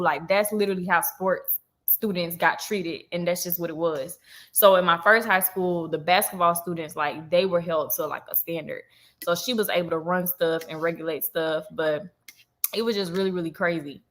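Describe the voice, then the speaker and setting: This livestream host, a woman in her twenties, recounts something that happened to her with animated, slangy chatter and remarks to her viewers. She talks at a moderate pace with a lowish pitch.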